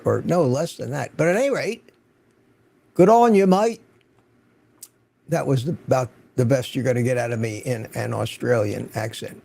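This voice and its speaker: A man's voice: mid-range voice, gravelly, darkish tone, slightly rough. An older man hosting a livestream, chatting casually and rambling as he greets viewers by name from his home studio. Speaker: livestream host.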